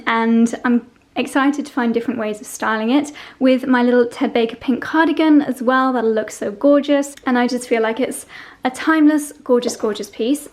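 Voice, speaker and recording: A young woman, chatting casually through a fashion try-on vlog, gushing and easily sidetracked. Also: a little high. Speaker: fashion vlogger.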